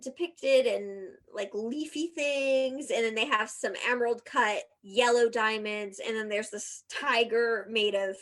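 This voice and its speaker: Chatty lady podcaster, kinda high voice, goofy asides while she tells the story. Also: a little slow, few pauses. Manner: chatty, giggly, playful asides. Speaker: podcast co-host. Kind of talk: casual storytelling chat.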